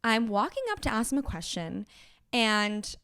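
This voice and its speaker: A young woman co-hosting a podcast, telling an animated work story in casual chat and swearing freely. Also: fairly high pitch, unhurried, clear, resonant tone. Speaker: podcast co-host.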